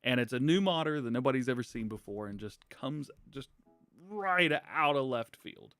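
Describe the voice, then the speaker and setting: A man's voice: mid-range voice, animated, moderate pace, fairly bright tone, no room sound, faint music behind. A man hosting a casual gaming news livestream, rambling, laughing often and apologizing to chat. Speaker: livestream host.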